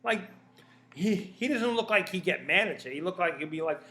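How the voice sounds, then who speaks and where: Rambling, profane man with a higher voice. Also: animated, fast, bright, forceful tone. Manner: rambling, profane, stammering repeats. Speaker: commentator. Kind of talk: casual opinion rant.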